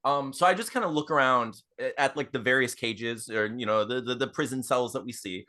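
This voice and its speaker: A man playing a tabletop game, animated and laughing as he describes his moves. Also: mid-range voice, brisk. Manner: animated, laughs often, talks through actions. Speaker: player.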